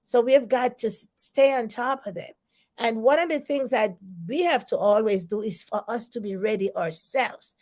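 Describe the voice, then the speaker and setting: A woman's voice: fairly high pitch, moderate pace, darkish tone. A Jamaican woman giving a casual motivational live-stream talk, encouraging and repetitive, with many fillers. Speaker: motivational speaker.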